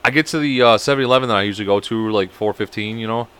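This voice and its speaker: Young man, casual storyteller, quick and bright, swears a lot. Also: fairly low pitch, clean tone. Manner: rambling, profane, acts out quoted people. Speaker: podcast co-host.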